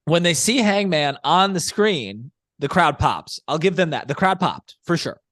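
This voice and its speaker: A man's voice: on the high side, lively intonation, measured pace, fairly bright tone, no room sound. A man co-hosting a podcast, his voice sitting a little above the usual male range. He talks at length and picks apart what went wrong, point by point. The sound is dry and close, with no room around it. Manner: talkative, analytical, long explanations. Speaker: podcast co-host. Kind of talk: casual chat.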